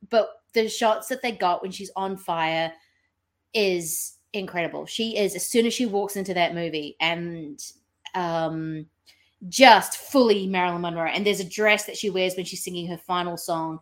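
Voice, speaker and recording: A woman's voice: on the low side, normal speed. A woman who is a guest on a podcast, chatting casually about films, thinking aloud with lots of ums and acting out quotes as she goes. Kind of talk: casual film review chat.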